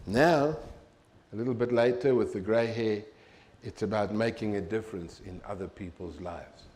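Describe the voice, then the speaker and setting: An older man, giving a humorous, animated storytelling talk to an audience as a keynote speaker. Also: fairly low pitch, normal speed.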